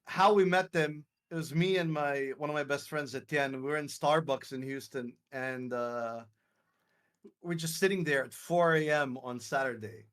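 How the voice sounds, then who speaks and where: A man's voice: fairly high pitch, moderate pace, fairly bright tone. A young man from Lebanon telling a story on a live stream, acting out quotes and swearing freely. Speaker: streamer hosting a live call. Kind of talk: casual storytelling chat.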